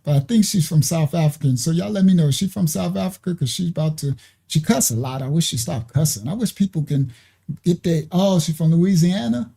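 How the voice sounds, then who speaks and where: A man hosting a reaction video who chats casually to his viewers as "y'all" and fills his pauses with "um". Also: fairly high pitch, vocal fry, warm tone, slightly rough. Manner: chatty, talks to viewers as "y'all", hesitant fillers.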